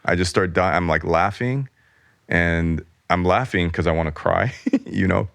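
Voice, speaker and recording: A middle-aged artist, a guest on an interview podcast, tells a candid personal story in a low, slightly slow, creaky and somewhat bright voice. He rambles, interrupts himself and acts out the voices of the people involved. There is no room sound.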